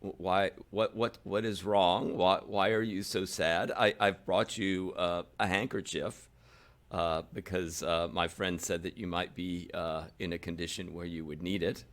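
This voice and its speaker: A kindly, timid young adventurer, as a man plays her in a deep, low voice, stammering and hesitant. He speaks slowly and softly. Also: steady tone. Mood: concerned.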